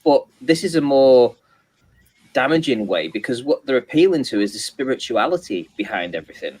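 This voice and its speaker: A man's voice: medium pitch, big pitch swings, darkish tone, breathy edge, poor audio. Rambling man in casual chat. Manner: rambling, halting, many restarts and fillers. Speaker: co-host of a live chat stream.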